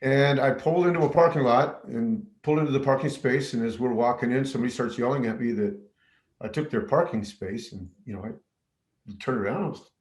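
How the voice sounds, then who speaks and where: A man's voice: mid-range voice, a little fast, echoey room. A man, a middle school teacher from New Mexico, telling a personal story with many fillers and restarts. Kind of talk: personal story told to camera.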